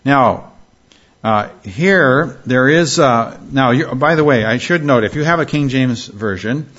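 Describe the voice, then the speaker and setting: A man's voice: medium pitch, expressive, fairly bright tone. Man teaching scripture with "all right?" asides. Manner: conversational, frequent "all right?" check-ins and filler pauses. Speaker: Bible study teacher. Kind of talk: verse-by-verse Bible teaching. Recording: slightly dull lo-fi recording.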